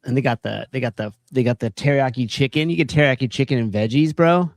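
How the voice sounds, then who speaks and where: A man's voice: mid-range voice, fast talker, no room sound. A man co-hosting a casual podcast, laid-back and full of slang, with a know-it-all streak. His voice sits mid-range. The sound is dry and close. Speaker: podcast co-host. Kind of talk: casual chat.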